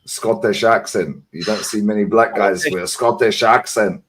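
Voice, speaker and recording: A man bantering on a live football fan stream, animated, laughing and swearing freely. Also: fairly low pitch, moderate pace.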